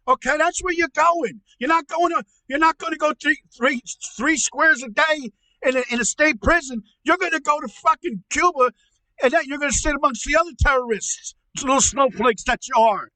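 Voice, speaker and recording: A man playing an angry middle-aged uncle in a comedy podcast, ranting loudly, swearing and stammering. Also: very high voice, normal speed, no room sound. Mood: furious ranting. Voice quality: shouty, profane, stammering. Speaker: podcast co-host. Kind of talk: comedic rant.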